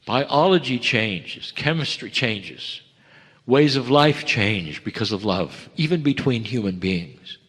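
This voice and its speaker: Male channeler, gentle measured sermon-style delivery with pauses; average pitch; long hall reverb. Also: animated, slightly rough. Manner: addresses listeners as dear ones. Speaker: spiritual channeler. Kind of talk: channeled spiritual message to an audience.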